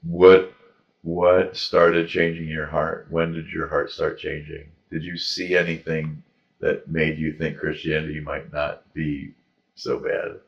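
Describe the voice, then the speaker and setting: A man interviewing his wife in a casual chat, asking brief, slow questions. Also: rumbling low, level tone, gravelly. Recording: dull lo-fi recording.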